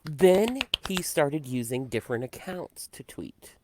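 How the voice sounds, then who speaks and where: A woman co-hosting a casual political chat podcast, talking in a rambling, halting way with frequent restarts. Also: very deep voice, expressive, background noise. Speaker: podcast co-host.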